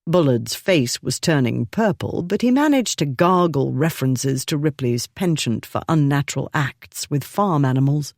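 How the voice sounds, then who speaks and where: A narrator reading a historical romance novel in a measured storytelling manner. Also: mid-range voice, lively intonation, dry recording, studio quality. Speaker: audiobook narrator.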